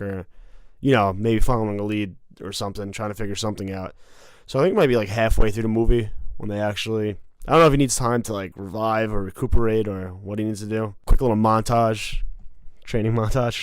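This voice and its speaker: A man with a somewhat low voice rambles about film plans. He laughs easily and leans on fillers. The sound is dry and close-miked. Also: clear, resonant tone, no room sound. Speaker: co-host. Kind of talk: casual movie trailer chat.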